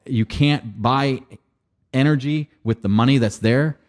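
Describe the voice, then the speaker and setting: A man's voice: medium pitch, a little slow. A man hosting a lawyer's podcast, reacting to a radio clip with emphatic, alarmed commentary and repeated warnings.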